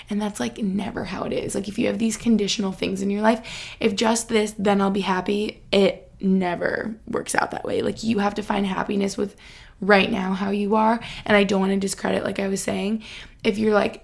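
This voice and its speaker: A woman's voice: mid-range voice, level tone, moderate pace, vocal fry. A young woman hosting a podcast, chatting casually and emotionally, reading her own post aloud with lots of "like.". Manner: chatty, emotional, heavy use of "like". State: close to tears. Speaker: podcast host.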